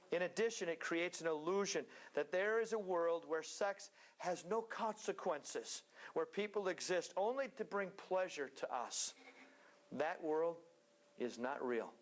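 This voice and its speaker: A man preaching a sermon in a church, earnest and steady, now and then slipping into joking asides. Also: sits high, a little slow.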